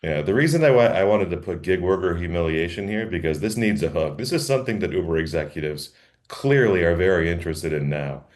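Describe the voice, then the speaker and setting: Brief: male comedy co-host, very low and lively voice, chuckles through his lines. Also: brisk. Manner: reads a draft aloud, laughing often between lines. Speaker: podcast co-host. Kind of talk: casual comedic chat.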